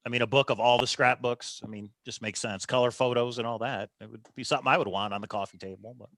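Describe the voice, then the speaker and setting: A man's voice: mid-range voice, steady tone, quick pace, fairly bright tone, no echo. A man hosting a casual live stream, easygoing and laughing often as he reads out viewer comments. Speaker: host of a treasure hunt show.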